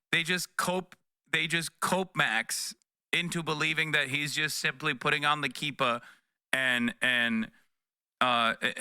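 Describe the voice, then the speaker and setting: A man's voice: mid-range voice, pushed and bright, smooth, no room sound. A man in his thirties reacting to news clips on a live stream, sarcastic and profane, close to a desk mic. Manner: profane, sarcastic, mocking voices.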